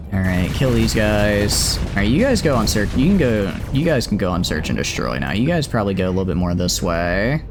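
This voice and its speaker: Young male streamer, low voice, very animated delivery, rambling game commentary, faint music underneath. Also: a little fast, hardly any pauses. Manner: rambling, chatty, talks to his fleet and chat. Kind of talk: live gameplay commentary.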